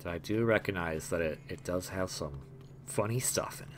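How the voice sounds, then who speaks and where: A man's voice: sits low, moderate pace, slight background noise. A young man hosting a gameplay video, rambling in a jokey way with lots of stammers and restarts. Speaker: gaming video host. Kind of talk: casual gameplay commentary.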